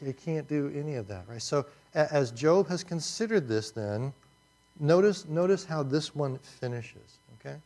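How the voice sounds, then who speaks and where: A man teaching a Bible passage as a pastor, telling a story and asking his listeners questions in a relaxed, conversational way with frequent restarts. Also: fairly high pitch, normal speed. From Indianapolis, US. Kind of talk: sermon with storytelling.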